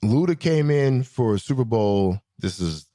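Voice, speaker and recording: A man hosting his own show, telling stories in a slangy, animated way, swinging between excited high bits and low asides. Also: measured pace. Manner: slangy, swearing, self-correcting. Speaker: podcast host. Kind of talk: casual storytelling monologue.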